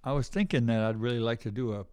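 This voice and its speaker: A smooth, darkish, mid-range voice belongs to an older man talking quickly as an interview guest. A musician, he spins rambling anecdotes in a casual storytelling style, often performing the voices of people he quotes.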